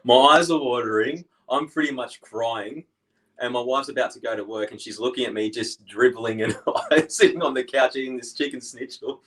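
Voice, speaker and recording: Australian man, young adult, casual rambling stories, laughs as he talks, mid-pitched. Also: normal speed, fairly bright tone, rough recording. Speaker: guest. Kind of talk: casual chat.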